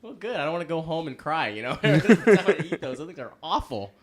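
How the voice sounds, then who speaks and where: A young man swaps loose, laugh-filled stories in an easy chat. He mocks himself, rambles, and lets his voice swing up and down in lively jumps. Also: a little high, fast talker, a crowd in the background. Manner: rambling, laughing, self-mocking. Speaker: podcast guest, band frontman. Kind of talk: casual storytelling chat.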